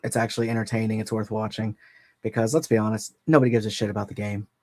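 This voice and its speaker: A man's voice: fairly low pitch, level tone, fast, darkish tone, dry recording. A man in a casual podcast chat, blunt and sarcastic and swearing freely.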